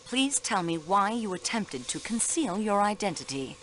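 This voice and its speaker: An actress playing a sharp young female railway clerk questioning suspects in a video game, precise and polite. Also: mid-range voice, big pitch swings, moderate pace, slight background noise. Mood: pressing.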